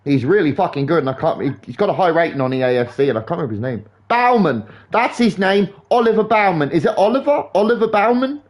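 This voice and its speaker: A young man streaming a game live, rambling in sweary, animated football banter. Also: high-pitched, fast, hardly any pauses. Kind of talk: casual chat while gaming live.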